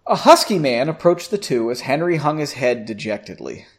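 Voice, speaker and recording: A man with a mid-range voice and wide pitch swings reads a fantasy story aloud at a moderate pace, in a casual way. He corrects his own slips as he goes and pokes fun at the clumsy writing.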